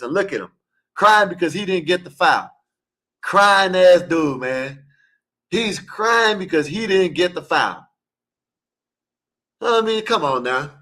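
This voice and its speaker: A man's voice: sits high, fairly bright tone. A man calling into an online panel, arguing a sports debate in an emphatic, repetitive way and scolding his listeners. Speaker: caller in an online open panel. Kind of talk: heated casual sports debate.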